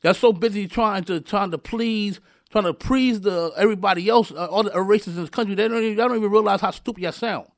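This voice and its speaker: Angry guy ranting at his audience, high voice, dry close sound, keeps restarting his sentences. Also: brisk, no room sound. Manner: angry, repetitive, stumbling restarts, addresses listeners directly. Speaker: show host. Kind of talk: heated commentary rant.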